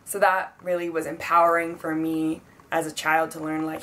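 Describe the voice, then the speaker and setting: A young woman around twenty talks straight to her viewers in a casual advice vlog. Her voice sits slightly lower than most women's, and she rambles in a friendly, filler-heavy way, slipping into little impressions of the people in her stories. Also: little pitch movement, moderate pace, a bit bright. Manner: chatty, filler-heavy, acts out quoted dialogue. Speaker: vlogger.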